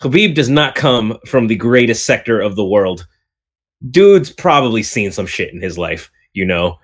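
A man's voice: on the low side, lively intonation, moderate pace, slightly rough. A man co-hosting a sports podcast, rambling through his pick with dry jokes. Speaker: podcast co-host. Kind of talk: casual sports chat.

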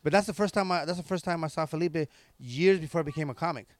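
A man's voice: a little high, quick pace, no echo. A man, a comedian telling rambling stories in casual chat. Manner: rambling, laid-back, lots of fillers. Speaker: stand-up comedian, podcast host.

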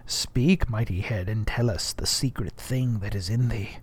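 A man doing a brooding old sea captain, low and muttering. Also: a little slow, breathy edge, dry recording. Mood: solemn brooding.

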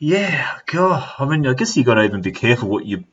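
An Australian man with a bright, forceful voice chats loosely, spinning stories packed with slang and swearing. He laughs his way through anecdotes in a relaxed conversational flow. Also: mid-range voice, fast talker, husky, lo-fi sound. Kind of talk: casual chat.

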